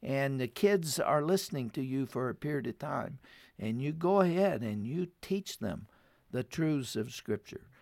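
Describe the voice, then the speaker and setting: A man telling a story in a heartfelt, earnest way, in a mid-range voice. He often grows louder and more urgent as he appeals to his listeners. The recording sounds close and dry, with no room echo. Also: mid-range voice, lively intonation, unhurried, creaky. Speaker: radio program guest.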